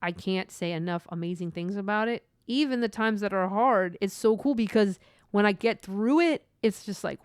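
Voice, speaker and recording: A woman talking through her own faith podcast, earnest and meandering, full of "like" and side thoughts. Her voice is smooth and clear, recorded close and dry with no room sound. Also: medium pitch, normal speed, no echo. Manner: earnest, rambling, with many asides and "like". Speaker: podcast host. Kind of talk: personal faith podcast monologue.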